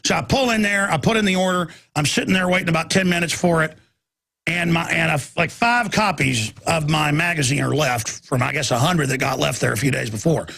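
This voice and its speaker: Casting: husky, gravelly talk radio host in his forties, rambling storyteller with mocking impressions. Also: a little fast, sharp tone. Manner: mimics mocking voices in high squeals.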